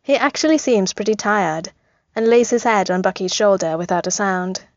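A woman reading a story aloud as narrator, in an even, gently amused tone. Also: medium pitch, moderate pace, no echo. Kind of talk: reading fan fiction aloud. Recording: slightly muffled, dry.

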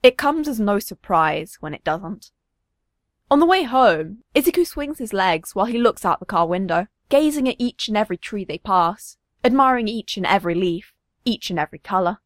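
A woman narrating a story, reading with expressive, varied intonation. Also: mid-range voice, moderate pace, no room sound.

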